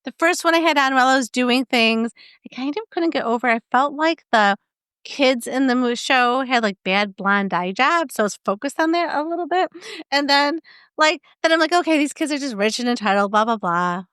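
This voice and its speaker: A woman co-hosts a casual podcast, chatting and telling animated little stories about her pets. Her voice sits a bit high and sounds smooth. The sound is close and dry, with no room around it. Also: normal speed, no echo. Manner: chatty, animated storytelling with laughs. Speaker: podcast co-host. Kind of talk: casual chat.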